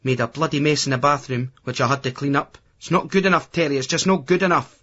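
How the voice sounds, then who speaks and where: A man reading an audiobook, voicing a strict, fed-up middle-aged mother who scolds in a shrill, clipped Scottish voice. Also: little pitch movement, fast talker, sharp tone. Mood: scolding. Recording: dull lo-fi audiobook recording.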